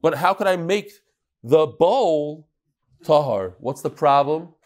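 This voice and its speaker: Animated high-voiced Talmud teacher. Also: male voice, slow pace. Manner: animated, acts out the sages' voices, mixes Hebrew and Aramaic terms.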